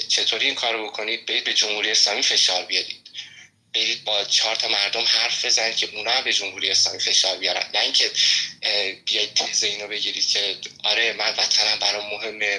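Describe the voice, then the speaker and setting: A man's voice: lowish voice, pushed and bright, low-quality recording. A man guest making an earnest, insistent political argument, repeating his point. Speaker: guest on a livestream.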